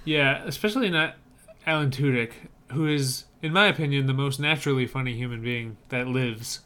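A man's voice: mid-range voice, moderate pace, a bit bright, clean tone. A man co-hosting a podcast, chatting casually and giving opinions on movie trailers with frequent fillers. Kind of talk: casual chat.

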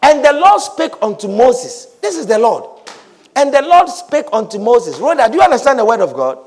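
A man pastor preaching a sermon, repeating shouted blessings and swinging between quiet speech and loud calls. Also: extremely high pitch, big pitch swings, moderate pace.

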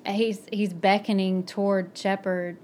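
Flat-voiced woman discussing a story. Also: mid-range voice, unhurried, slight background noise. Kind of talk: casual book discussion.

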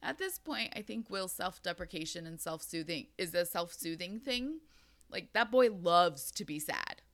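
Young woman podcast host, bright and bouncy, lots of swearing and laughter. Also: fairly low pitch, moderate pace. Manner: swears freely, laughs often, animated retelling. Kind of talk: casual book-club podcast chat.

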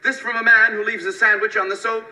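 An actor playing a fussy, indignant neat-freak roommate in a sitcom, with theatrical, wounded delivery. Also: male voice, high-pitched, flat delivery, fast, heavy background noise, close to an everyday voice. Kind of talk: sitcom acting.

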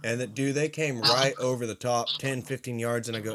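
A man's voice: medium pitch, steady tone, fairly quick, a bit bright. A man hosting a podcast, trading hunting stories in a laid-back casual chat. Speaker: podcast host.

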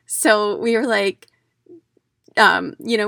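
A woman's voice: medium pitch, takes it slowly, vocal fry, long pauses, fairly bright tone, no echo, clean studio sound. A middle-aged woman from the United States who hosts a podcast, talking casually as a declutter coach in a chatty storytelling way, with fillers and restarts.

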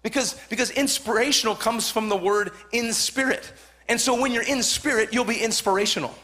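High-voiced fervent preaching man. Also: a little fast. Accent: Southern Californian. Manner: fervent, repetitive, rising to shouts. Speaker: pastor. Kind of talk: sermon.

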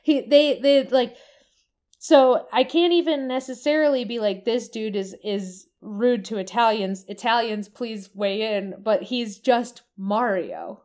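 A woman's voice: on the high side, a little slow, darkish tone. A woman talks casually and at length, drifting through her descriptions and stopping to hunt for the right word. Her speech is loose and unscripted, with the odd swear word dropped in. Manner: rambling, searches for words, swears casually. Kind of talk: casual chat about a video game.

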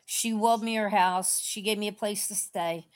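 A woman's voice: mid-range voice, steady tone, moderate pace. A middle-aged woman on a call-in faith program, telling a personal story in a rambling, tender, meandering way. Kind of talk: casual emotional storytelling.

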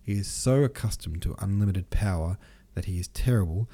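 A man's voice: low-pitched, a little fast, mellow, slightly rough. A man reading the part of a brooding, bitter young nobleman who argues in a gloomy, cutting way.

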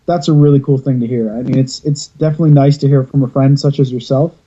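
A man's voice: mid-range voice, fairly even intonation, quick pace, hardly any pauses, mellow, husky, muffled recording. A man hosting a podcast over a video call, telling stories in a rambling, casual way and swearing freely. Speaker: podcast host.

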